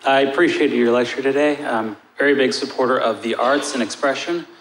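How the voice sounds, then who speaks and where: A man's voice: medium pitch, steady tone, brisk. Earnest male audience member, rambling question, roomy hall, light hiss. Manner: earnest, long-winded question. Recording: echoey hall with faint noise.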